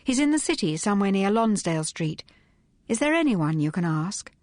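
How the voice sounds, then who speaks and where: A woman's voice: mid-range voice, big pitch swings, normal speed, darkish tone, no room sound, clean studio sound, natural voice. A woman doing a cool, assured lady detective. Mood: brisk. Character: glamorous, sharp-witted young woman detective.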